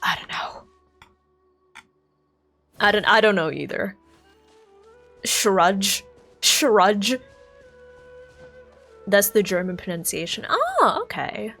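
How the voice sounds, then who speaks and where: Lively, chatty American woman streamer. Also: medium pitch, unhurried, gravelly, long pauses, faint music behind. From United States. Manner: chatty and rambling, thinks aloud, self-correcting. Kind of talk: casual chat with live stream chat.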